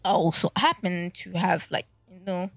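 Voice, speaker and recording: A woman's voice: on the low side, fairly even intonation, normal speed, vocal fry, dry recording. A woman livestreaming casually, rambling and searching for words as she explains herself. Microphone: desk mic at a laptop. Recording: dull lo-fi stream audio.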